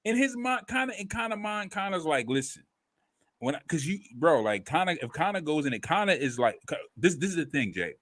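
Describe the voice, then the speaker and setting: A man co-hosting a casual talk show, animated and reading out viewer comments. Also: a little high, fairly quick, hardly any pauses. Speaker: podcast co-host. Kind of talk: casual chat.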